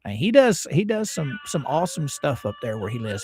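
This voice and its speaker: A man's voice: on the high side, sing-song, a little fast, a little mellow, a little hiss or hum. A man hosting a livestream, chatting casually in a rambling, joking way and laughing often. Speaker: livestream host. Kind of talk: casual commentary chat.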